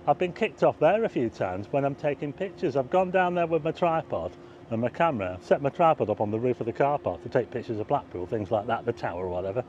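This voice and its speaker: A man's voice: mid-range voice, expressive, fast talker, a little mellow, muffled recording, a little hiss or hum. A man giving a chatty, rambling walking-tour commentary outdoors at night, pointing things out to his viewers. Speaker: vlogger. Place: outdoors, car park roof and town streets at night.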